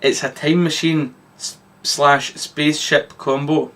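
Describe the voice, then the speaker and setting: A man voicing the Doctor, a gruff, impatient male time traveller who snaps at the kids. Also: a little high, level tone, slow pace, a bit bright. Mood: curt. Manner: curt, snapping.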